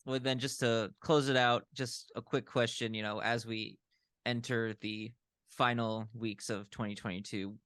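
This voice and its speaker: A man interviewing a guest, asking questions in a gentle, thoughtful way and searching for words as he goes. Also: mid-range voice, flat delivery, a little slow, clean tone, no room sound, studio quality.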